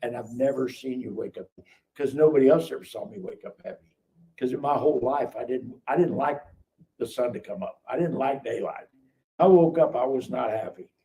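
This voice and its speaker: A middle-aged man on a live stream, telling his life story in casual, animated speech and acting out the people in it. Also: medium pitch, brisk. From Kansas City area. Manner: animated, acts out quoted dialogue. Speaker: guest telling his testimony. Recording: distant mic with faint background noise.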